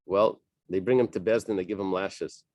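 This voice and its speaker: Low-voiced man leading a Talmud class. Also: fairly even intonation, moderate pace, darkish tone, no room sound. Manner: reads Aramaic then translates, with frequent fillers and restarts; casual, thinking aloud.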